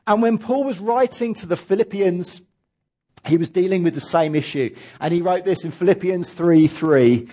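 A man's voice: high-pitched, moderate pace, dark tone. A man preaching a sermon as pastor, emphatic and leading his congregation in reading aloud.

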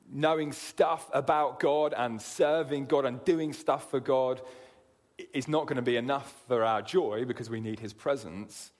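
A man preaching a sermon in an earnest way, often repeating words as he begins a sentence. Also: mid-range voice. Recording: long hall reverb.

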